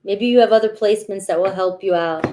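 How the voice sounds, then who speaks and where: A woman's voice: mid-range voice, brisk, mellow, a little hiss or hum. A woman doing a casual tarot reading, chatty and talking straight to her viewers, often checking in with "all right.". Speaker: tarot reader.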